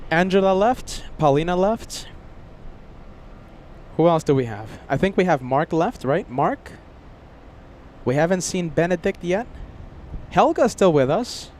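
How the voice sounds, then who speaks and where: A man's voice: high-pitched, expressive, measured pace, pauses often, darkish tone, a little hiss or hum. A man hosting a live plane spotting stream outdoors, chatting casually with viewers by name, sleepy and jet-lagged. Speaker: plane spotting livestream host. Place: outdoors near an airport.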